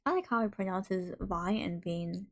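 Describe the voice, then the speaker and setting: A woman's voice: mid-range voice, a little slow. A woman hosting a live stream in casual chat, reading out messages from viewers and reacting to them playfully. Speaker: livestream host.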